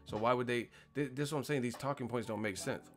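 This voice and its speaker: A man's voice: mid-range voice, quick pace, faint music behind. A man hosting a casual live stream, ranting with profanity and disbelief, often laughing at his own points.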